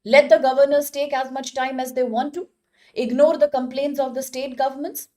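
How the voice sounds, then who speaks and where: A woman's voice: high voice, steady tone, normal speed, a little mellow. A woman with an Indian English accent teaching an online exam-prep lecture, explaining step by step and asking rhetorical questions of her students.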